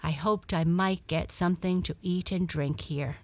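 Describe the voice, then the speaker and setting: A woman's voice: on the low side, fairly even intonation, moderate pace, no room sound, close to an everyday voice. A woman voicing a timid lost little cat. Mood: earnest. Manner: pleading, earnest. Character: small lost female cat, timid, tired and hungry.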